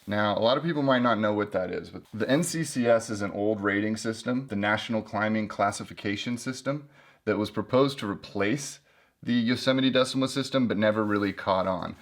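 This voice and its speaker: A man's voice: on the low side, brisk. A man hosting a casual book review video, chatting and joking as he flips through an old guidebook.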